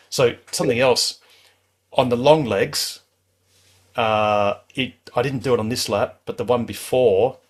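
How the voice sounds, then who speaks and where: Male host, lower register, easygoing and reassuring, restarts a lot. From Australia. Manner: relaxed, chatty, reassuring, many restarts. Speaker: club host. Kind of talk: casual advice on a live call-in show.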